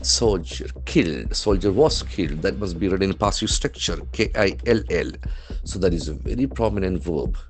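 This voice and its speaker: An English trainer with an Indian English accent and a low, animated voice teaches vocabulary drawn from the news at a normal speed. He spells each word letter by letter and repeats it with heavy stress, faint music playing behind him.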